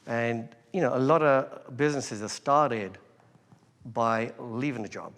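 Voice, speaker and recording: A man's voice: mid-range voice, a little slow. English-raised man telling stories in a hall. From England. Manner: relaxed storytelling, laughs often, many fillers. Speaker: guest entrepreneur. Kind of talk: conversational interview. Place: hall before a live crowd.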